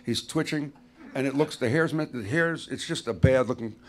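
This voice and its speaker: A man's voice: mid-range voice, moderate pace. A man hosting a live stage interview, asking questions and trading quips with his guests. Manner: jokey, quips between questions. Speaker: radio host, interviewer. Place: live stage before an audience.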